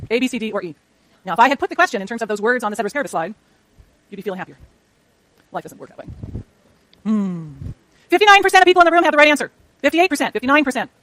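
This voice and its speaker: A woman lecturing a university economics class, rushing through clicker questions and talking to herself as she works her slides. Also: high voice, fairly bright tone, no room sound. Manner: rapid, chatty, self-talk while working slides. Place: lecture hall.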